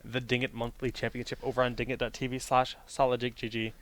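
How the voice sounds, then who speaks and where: A man's voice: mid-range voice, flat delivery, a little fast, fairly bright tone. A man casting an esports match, chatting casually between games, plugging his shows and joking with his co-caster. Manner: chatty, plugs shows, jokes around. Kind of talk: casual pre-game commentary banter.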